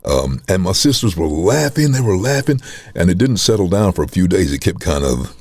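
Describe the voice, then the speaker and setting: A middle-aged man, a voice-over artist, telling stories in a casual interview with a very deep chest voice, acting out quoted lines. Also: a little fast, no echo. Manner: animated storyteller, acts out voices.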